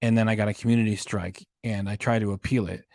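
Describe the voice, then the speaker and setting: A man's voice: lowish voice, fairly even intonation, quick pace, creaky, darkish tone, no room sound, studio quality. A man rambling casually on a livestream about his troubles.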